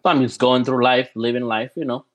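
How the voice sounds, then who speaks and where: A young adult man, a podcast guest, telling a story in a casual, animated way, full of "you know" and "dude". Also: medium pitch, a little fast, rough recording.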